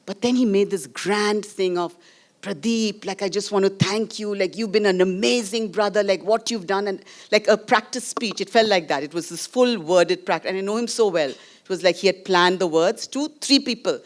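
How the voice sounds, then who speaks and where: A woman's voice: mid-range voice, moderate pace. A middle-aged woman filmmaker with an Indian English accent, telling a candid, emotional story to an audience after a screening and slipping in Hindi phrases. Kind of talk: post-screening conversation with an audience. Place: screening venue before a live audience.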